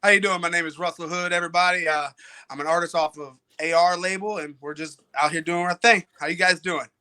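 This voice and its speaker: Bright-voiced man from Detroit. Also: high voice, steady tone, brisk, smooth. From Detroit, Michigan, USA. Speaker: guest musician. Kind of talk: interview answers.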